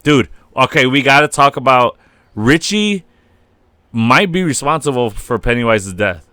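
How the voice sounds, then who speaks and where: This young man's mid-range voice is clear and resonant, a little slow, and recorded dry. Co-hosting a laid-back podcast, he goes over scenes animatedly, cursing heavily and performing the lines.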